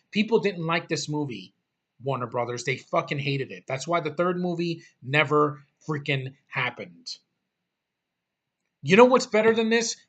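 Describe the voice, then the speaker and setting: A man's voice: a little high, fairly bright tone. A man ranting about a movie in a casual, blunt, exasperated way, swearing often and rambling through restarts. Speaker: movie reviewer.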